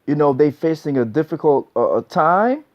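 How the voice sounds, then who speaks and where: A man's voice: a little high, big pitch swings, normal speed. A man giving blunt relationship advice in a casual monologue, preachy and repetitive, often tagging lines with "man". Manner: blunt, preachy, repeats himself, says "man" a lot. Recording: dull lo-fi recording.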